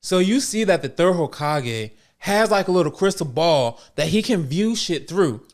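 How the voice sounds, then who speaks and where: A man's voice: a little high, lively intonation, normal speed. Wry man co-hosting a podcast. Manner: wry, incredulous commentary with slang. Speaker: podcast co-host. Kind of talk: casual chat.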